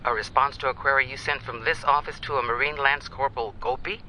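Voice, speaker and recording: A curt woman boss, very low voice, bright and lively. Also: fast talker, slight background noise, rough recording. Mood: stern. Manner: stern, curt. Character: stern older female office boss, curt and dismissive. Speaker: office supervisor. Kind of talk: live-action drama acting.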